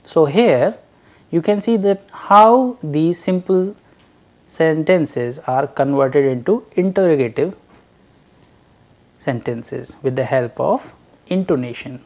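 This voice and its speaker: A man giving a recorded lecture, teaching slowly and deliberately and drilling short example phrases. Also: fairly high pitch, animated.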